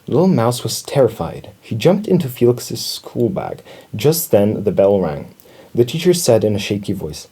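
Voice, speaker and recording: A man reading a children's storybook aloud in an expressive storytelling manner. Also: fairly low pitch, normal speed, breathy edge. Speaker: storybook reader.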